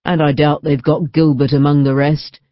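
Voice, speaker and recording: A woman reading the voice of a weary, wry male knight home from battle, gruff and grim in manner. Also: low voice, little pitch movement, moderate pace, no room sound, natural voice. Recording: dull dry studio recording.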